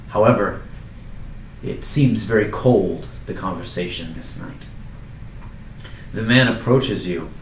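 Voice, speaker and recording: A man in his twenties narrating a tabletop game as game master, relaxed. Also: lowish voice, distant mic. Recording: echoey room with faint noise.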